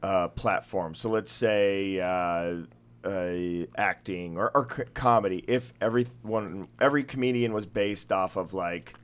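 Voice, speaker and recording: A man hosting a casual interview, easygoing and halting, laughing along with his guest. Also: low-pitched, smooth. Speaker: podcast host.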